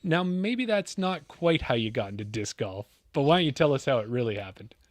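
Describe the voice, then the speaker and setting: A man hosting a podcast, telling a dramatic scripted story with big pauses, then chatting casually with his guest. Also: mid-range voice, big pitch swings, slight background noise. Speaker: podcast host.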